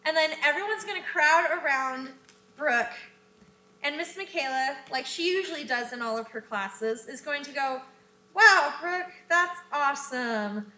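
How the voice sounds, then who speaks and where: A woman's voice: sits high, normal speed, pushed and bright, reverberant. A woman teacher cheerfully reading out each student's line in a scene script. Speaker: dance and theater teacher.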